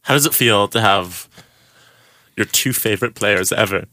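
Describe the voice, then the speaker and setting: A man's voice: fairly low pitch, moderate pace, bright, forceful tone, no echo. A man co-hosting a casual podcast chat, teasing his friends in a dry way. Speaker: podcast co-host.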